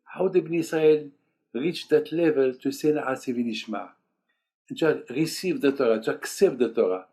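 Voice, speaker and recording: A man's voice: medium pitch, moderate pace, warm tone, slightly rough. An older man preaching a sermon as a rabbi, emphatic and repetitive, in broken English peppered with Hebrew terms. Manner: emphatic, repeats key phrases, sprinkled with Hebrew terms; speaks English as a second language, broken grammar.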